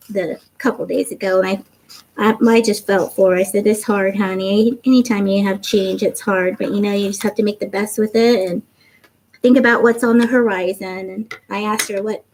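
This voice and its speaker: A woman's voice: medium pitch, low-quality recording. A middle-aged woman hosting a craft livestream, chatting casually and reading out viewers' comments. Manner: chatty, warm, reads viewer comments aloud.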